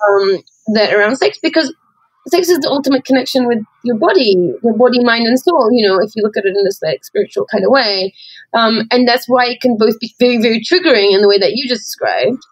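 A woman's voice: a little high, fairly quick, breathy edge, no room sound, poor audio. A woman co-hosting a podcast, talking candidly and reflectively, with many fillers and restarts. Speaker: podcast co-host. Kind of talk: candid conversational chat.

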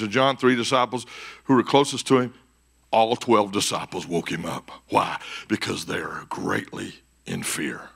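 A man preaching a conference sermon as pastor, swinging between shouted peaks and hushed, quiet passages. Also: medium pitch. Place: church conference stage.

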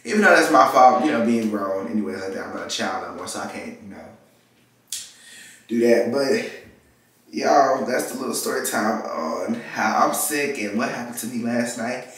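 A man's voice: medium pitch, expressive, normal speed, fairly bright tone, recorded from a distance. A nineteen-year-old man from Texas, telling a casual story time and animatedly acting out the people in his story. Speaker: vlogger. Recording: very echoey room, mic set back.

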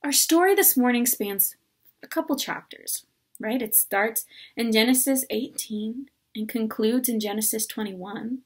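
A woman delivers a sermon at a church service in a high, breathy voice. She takes her time, speaking conversationally and earnestly. Now and then she slips in a playful aside. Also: darkish tone. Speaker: preacher.

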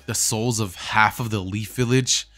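Low-pitched male narrator, casual fan-story telling, faint music underneath. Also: fairly even intonation, a little slow, bright, forceful tone. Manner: casual, with fillers and restarts.

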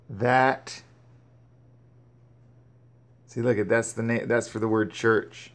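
A man with a rough, gravelly voice works slowly through scripture. He reads a verse, then breaks off to explain it and urge the listener on. His words often trip and restart before he picks the reading back up. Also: medium pitch, fairly even intonation. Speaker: Bible teacher.

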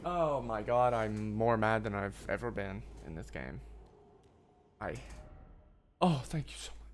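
A man's voice: on the low side, a little slow, slight background noise. A man streaming a video game, reacting aloud with sudden outbursts and swearing, often talking to the enemies on screen. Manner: excitable, swearing, talks to the game. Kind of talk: gaming commentary.

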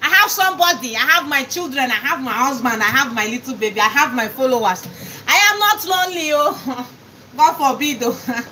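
Give me a chatty Nigerian woman with a high voice who laughs and shouts greetings on a noisy live stream. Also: moderate pace. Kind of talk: casual live-stream chat while cooking.

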